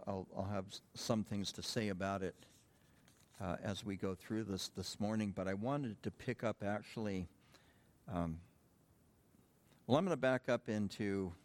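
A man preaching a sermon as a pastor, conversational and halting, with frequent fillers and restarts. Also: low voice.

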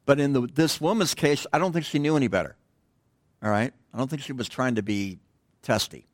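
A man's voice: mid-range voice, brisk, no room sound. Digressive middle-aged man preaching. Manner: digressive, drops to a hush at phrase ends. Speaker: pastor. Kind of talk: conversational sermon. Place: church.

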